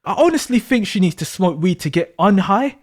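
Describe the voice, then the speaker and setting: A man's voice: high-pitched, lively intonation, a little fast. A man voicing a crude, blunt young man who swears freely and mocks his friends. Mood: mocking.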